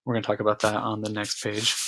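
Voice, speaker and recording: Low flat-voiced man explaining a slideshow lesson. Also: normal speed. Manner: relaxed explanatory, many fillers. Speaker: teacher.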